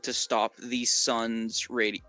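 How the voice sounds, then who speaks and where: A man's voice: mid-range voice, little pitch movement, measured pace, sharp tone, faint music behind. A man with a Southern US accent, rambling through game lore in casual chat with many fillers and restarts. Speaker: co-host.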